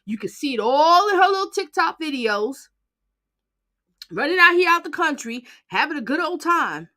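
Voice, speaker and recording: A woman's voice: high-pitched, expressive, fairly quick, sharp tone. A woman commentating on trial footage in a blunt, heated way, mocking what she hears. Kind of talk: casual reaction commentary.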